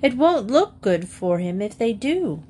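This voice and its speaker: A woman voicing a sensible, thoughtful young girl who speaks quietly and reasonably. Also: on the high side, sing-song, measured pace, a little hiss or hum, voice pushed up. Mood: concerned.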